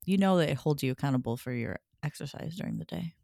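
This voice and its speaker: Blunt, low-voiced woman co-host. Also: animated, quick pace, creaky, mellow, no echo, studio quality. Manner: blunt, candid, swears freely. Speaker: podcast co-host. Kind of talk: casual chat.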